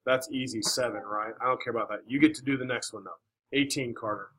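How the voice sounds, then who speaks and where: A male math teacher with a bright, forward voice working through problems in a classroom. He coaxes his students along with questions, praise and frequent "all right"s. His pitch sits in an ordinary middle range for a man. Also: fast, low-quality recording. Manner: encouraging, coaxing questions, many "all right"s.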